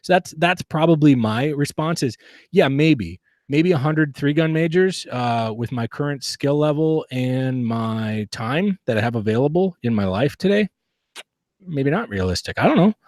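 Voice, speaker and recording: A man's voice: medium pitch, lively intonation, normal speed, a little mellow, no room sound, studio quality. A man talking as a guest on a casual podcast interview, earnest and reflective, often restarting his sentences. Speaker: guest, competitive shooter.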